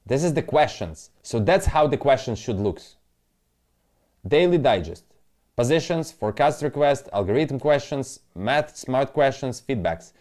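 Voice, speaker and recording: A man's voice: mid-range voice, lively intonation, a little slow, a little mellow. A man talking casually through crypto charts as a trading analyst, rambling and muttering to himself in non-native English, with the odd swear.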